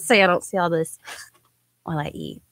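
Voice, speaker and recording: A woman's voice: on the low side, huge pitch swings, brisk, fairly bright tone, no room sound. A woman guest on a morning radio show, cheerful and laughing often as she chats. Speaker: studio guest, city employee. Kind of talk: casual radio chat. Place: radio studio.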